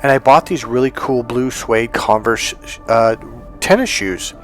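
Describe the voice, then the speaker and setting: Animated male coach over faint music. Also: mid-range voice, a little slow. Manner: animated storytelling, acting out dialogue. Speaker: relationship and communication coach. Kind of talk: motivational monologue.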